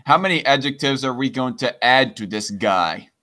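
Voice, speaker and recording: A man's voice: medium pitch, animated, moderate pace, sharp tone. A man hosting a casual live stream, stammering and trading crude jokes with a guest. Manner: stammering, crude joking banter.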